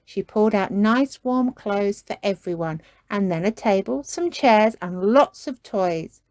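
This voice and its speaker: Slow, soft-spoken woman storyteller. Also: mid-range voice, expressive, no room sound. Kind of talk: reading a picture book aloud.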